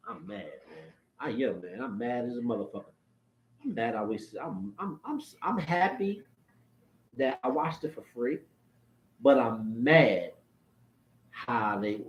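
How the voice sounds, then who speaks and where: A man's voice: medium pitch, highs cut off. A man ranting casually to his viewers, profane and repetitive, jumping from topic to topic. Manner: profane, animated, repeats himself. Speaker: vlogger. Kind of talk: casual rant to camera. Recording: echoey room with faint background noise.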